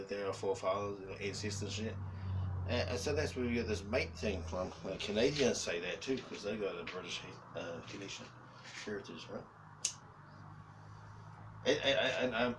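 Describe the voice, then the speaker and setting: Kiwi guy rambling on his vlog, swears a ton, kinda low voice, mic way off with loud noise behind. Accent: New Zealand. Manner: rambling, swears a lot, chuckles. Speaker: vlogger. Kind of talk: casual chat. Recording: distant mic with clear background noise.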